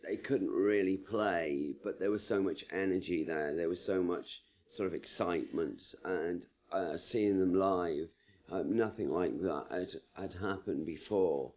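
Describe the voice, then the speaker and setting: A man's voice: low-pitched, measured pace, darkish tone, highs cut off. A man reminiscing in an interview in an easygoing way, with filler words. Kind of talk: casual reminiscing.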